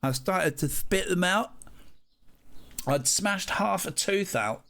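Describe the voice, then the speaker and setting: A young man telling a vivid, animated personal story in a casual way, with some swearing. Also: high voice, slow pace, creaky. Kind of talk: casual anecdote.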